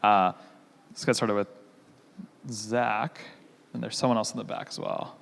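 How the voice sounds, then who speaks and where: Gravelly man moderating a Q&A. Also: fairly low pitch, fairly even intonation, unhurried, fairly bright tone. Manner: casual, directing the Q&A. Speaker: session moderator. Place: conference hall.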